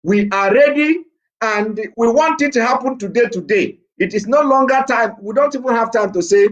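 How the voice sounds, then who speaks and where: A male preacher with a voice pitched high for a man. He delivers a fired-up political address, defiant and emphatic, repeating his key words again and again. The recording sounds dull and lo-fi. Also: moderate pace.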